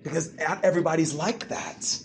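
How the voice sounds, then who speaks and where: A man preaching a sermon to a church congregation, animated and full of rhetorical questions. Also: high-pitched, moderate pace, slight background noise. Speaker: pastor.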